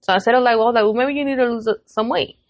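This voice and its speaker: A woman's voice: a little high, rapid-fire, dry recording, dull audio. A woman in her thirties on a podcast, telling a family story in casual chat, swearing freely and acting out what each person said. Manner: animated retelling with quoted voices, frequent swearing. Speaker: podcast co-host.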